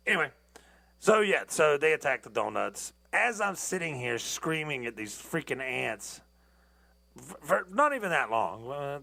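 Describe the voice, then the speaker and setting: Gravelly, tired man ranting casually. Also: medium pitch, sharp tone. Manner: loose, profane and rambling, with restarts and asides. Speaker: podcast host. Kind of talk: casual rambling monologue.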